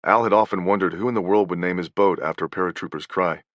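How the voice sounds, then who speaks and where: A man reading nonfiction as an audiobook narrator, in a measured, even delivery. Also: low voice, no echo, muffled recording.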